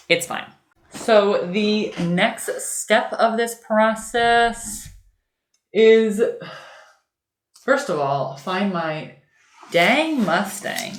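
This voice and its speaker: A woman's voice: a bit bright, reverberant, a little hiss or hum. A young woman chatting casually through a home craft tutorial, rambling and easily sidetracked as she works at a table. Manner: rambling, easily sidetracked, talks to her cat in a high baby voice. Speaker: lifestyle vlogger.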